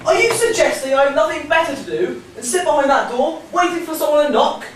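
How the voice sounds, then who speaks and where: Pompous king's servant guy, someone acting it, highish voice, far off in an echoey hall. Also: animated, brisk, slight background noise. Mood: haughty. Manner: pompous, fussy. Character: pompous self-important servant of the king, a man. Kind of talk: school stage play.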